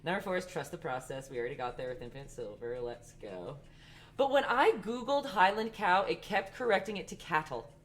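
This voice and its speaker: Chatty low-voiced woman teaching painting. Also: animated. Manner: chatty, rambling, talks fast. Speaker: art instructor and live-stream host. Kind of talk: casual live-stream painting lesson.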